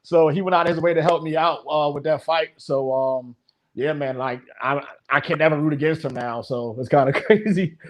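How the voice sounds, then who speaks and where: A man's voice: on the high side, normal speed. A man who coaches fighters, telling stories in casual podcast chat and rambling with lots of fillers. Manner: rambling storyteller with many fillers. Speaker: martial arts coach.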